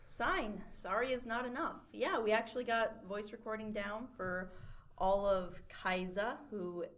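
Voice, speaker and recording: A woman's voice: mid-range voice, a little slow, fairly bright tone. A woman co-hosting a podcast, chatting casually and giggling with friends. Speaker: podcast co-host. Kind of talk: casual chat.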